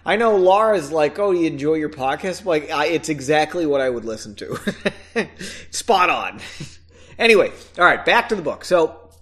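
A young man hosting a podcast, reading a book aloud and mocking it in a sarcastic, rambling way, laughing and swearing often. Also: fairly high pitch. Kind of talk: casual podcast chat and mocking read-along.

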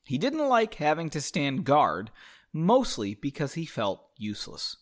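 A man's voice: a little high, wildly swooping pitch, measured pace. A man hosting a podcast, reading fan fiction aloud with sarcastic, profane asides. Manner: sarcastic, swears, breaks off with jokes. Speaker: podcast host.

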